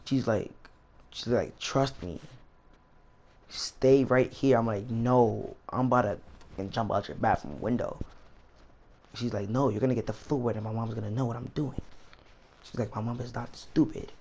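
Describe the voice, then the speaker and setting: A man's voice: medium pitch, moderate pace, pauses often, a little mellow. A young man vlogger telling a rambling, slangy story as he plays a game. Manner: rambling, slangy, repeats himself. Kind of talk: casual storytime while gaming.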